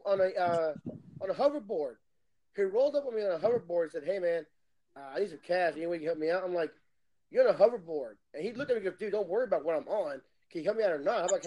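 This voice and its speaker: High-voiced blunt man. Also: pushed and bright, poor audio. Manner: blunt and profane, telling anecdotes. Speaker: podcast co-host. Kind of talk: casual chat.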